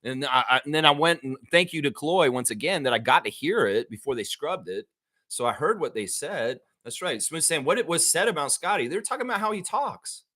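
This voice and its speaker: Host type: Southern US man, bright forceful tone, heated profane rant, slightly high voice. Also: fairly quick. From American South. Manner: heated, profane, animated ranting. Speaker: show host. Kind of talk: casual live-stream commentary.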